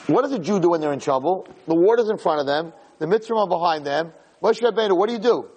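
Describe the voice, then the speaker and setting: A man giving a Torah class, retelling the story with lively, dramatic quotes. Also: high voice, fast talker, in a large hall, slight background noise, poor audio. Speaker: Torah teacher.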